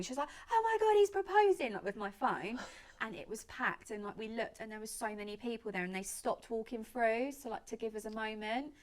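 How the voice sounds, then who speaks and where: A woman in her late twenties, a guest make-up artist, telling a long story in casual chat with lots of fillers and quoted speech. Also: medium pitch. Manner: chatty, lots of "like" and reported speech.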